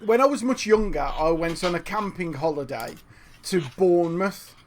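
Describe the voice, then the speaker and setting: A man's voice: high voice, expressive, normal speed, slight background noise. A man telling rambling funny anecdotes in comedic banter.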